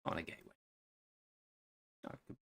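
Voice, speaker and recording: At a measured pace, his English-accented voice sounds pushed and bright. He's live-streaming a strategy game, casually rambling with a wry edge and answering viewers by name.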